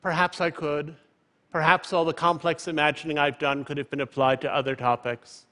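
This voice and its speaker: Measured man in his fifties, lecture hall. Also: on the high side, flat delivery, bright, forceful tone. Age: 50s. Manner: measured, eloquent delivery. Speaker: public speaker. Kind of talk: prepared public talk. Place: stage in a large hall. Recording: reverberant large auditorium.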